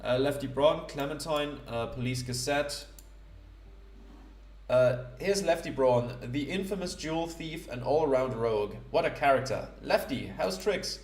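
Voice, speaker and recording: Halting man narrating a game. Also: medium pitch, darkish tone. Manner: halting, many fillers, self-deprecating. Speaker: let's play host. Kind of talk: casual gameplay commentary. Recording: roomy echo.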